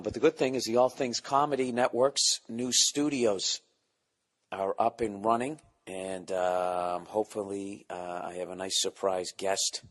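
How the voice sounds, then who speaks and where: A man hosting his own podcast from home, rambling in a profane, self-mocking casual monologue while keeping his voice down. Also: sits low. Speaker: podcast host and comedian. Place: home, at night or early morning.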